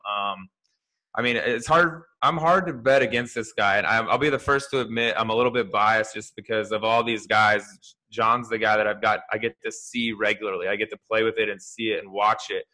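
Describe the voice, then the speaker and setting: A man co-hosting a sports podcast, telling stories in a loose, animated way with plenty of restarts and fillers. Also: fairly low pitch, poor audio. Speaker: podcast co-host, golf fantasy analyst. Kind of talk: casual podcast chat.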